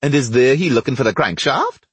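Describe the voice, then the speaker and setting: A man voicing a bossy, sarcastic Trinidadian neighbor who scolds loudly. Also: mid-range voice, lively intonation, brisk, husky, no room sound, voice pushed up. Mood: mocking. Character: gruff, loud grown man, bossy neighbor.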